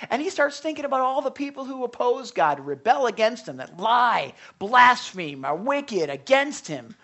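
A man's voice: extremely high pitch, big pitch swings. A man preaching a sermon as pastor, talking conversationally, stumbling and restarting, then swelling into fervent bursts. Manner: conversational, swings from hushed asides to impassioned outbursts; halting restarts and repetitions.

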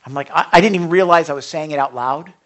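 A middle-aged man preaching to a small group, telling a personal story with sudden hushed whispers. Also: a little high, fast. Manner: animated storyteller, drops to hushed whispers for inner thoughts. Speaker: pastor.

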